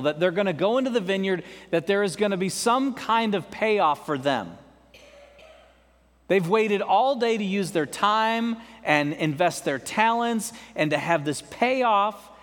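A pastor with a highish voice preaches a sermon in a church sanctuary, the big hall adding long reverb. He's chatty and conversational, tossing joking asides to the congregation.

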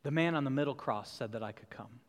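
A man's voice: mid-range voice, quick pace. A man pastor preaching a sermon in a church, building emphatic repeated refrains. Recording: long hall reverb.

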